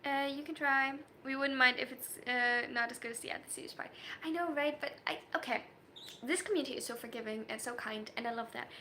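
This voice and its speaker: A woman with a high, sharply bright voice chats casually with her livestream audience. She talks in an animated way, breaks into quick laughs, and restarts her sentences as she reacts to her viewers. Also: a little hiss or hum. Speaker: livestreaming story writer.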